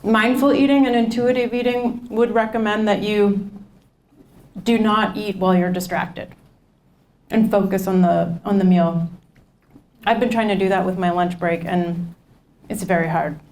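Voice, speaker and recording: A woman's voice: medium pitch, steady tone, unhurried, long pauses, darkish tone. A woman leading a nutrition class, talking informally to a group and repeating their comments back to them. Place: community class room.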